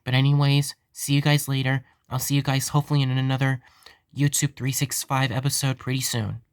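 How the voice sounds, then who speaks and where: Man, earnest vlog host, repetitive, stumbling restarts, middle pitch, dry close sound. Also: little pitch movement, a little fast, smooth, no echo. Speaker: host of a fan-made theme park channel.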